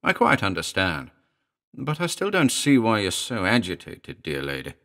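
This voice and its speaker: Man reading oily condescending gentleman, very low voice, lilting, storybook. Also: huge pitch swings, normal speed, full character voice. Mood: soothing. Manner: soothing and condescending. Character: smooth, oily middle-aged gentleman. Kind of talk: audiobook character reading.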